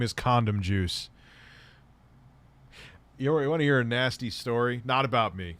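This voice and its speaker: A man's voice: medium pitch, unhurried, long pauses, over a noisy crowd, very noisy. A man hosting a livestream, answering viewer questions in a blunt, offhand way and swearing often. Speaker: livestream host.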